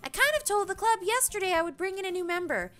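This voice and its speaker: A woman voicing a bubbly, excitable teenage schoolgirl in a visual novel game. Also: fast talker, faint music behind. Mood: pleading. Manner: high, excited, whiny.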